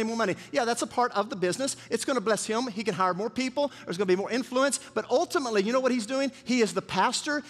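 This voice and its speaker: This is a man preaching as pastor, his high-pitched, fairly bright voice ringing through a reverberant church hall. He addresses the congregation and draws responses from them in a call-and-response sermon.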